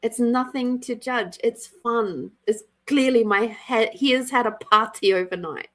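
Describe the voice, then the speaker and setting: A woman's voice: on the high side, unhurried, fairly bright tone. A middle-aged woman from Australia hosting a casual live-stream card reading, chatty and giggly, greeting viewers by name. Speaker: intuitive card reader and live-stream host.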